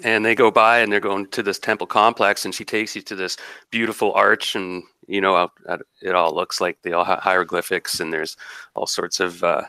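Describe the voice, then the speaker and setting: A man's voice: deep voice, little pitch movement, moderate pace, bright, forceful tone, smooth, no room sound. A man narrating as game master of a tabletop game, rambling and descriptive with many restarts.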